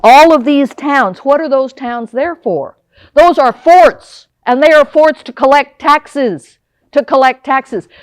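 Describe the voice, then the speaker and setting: An older woman delivers a public history lecture. She talks in a lively way and keeps asking her listeners questions. Her voice sits fairly high, and the sound is dry and close. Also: slow pace, no room sound. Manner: lively, asks the audience questions. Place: lecture hall.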